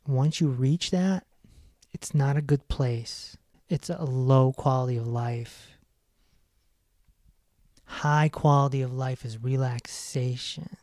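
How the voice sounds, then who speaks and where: Guy hosting a self-help podcast, punchy animated talk, laughs at his own jokes, medium voice, dry mic. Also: mid-range voice, takes it slowly, long pauses, no echo. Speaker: podcast host. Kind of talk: casual self-help monologue.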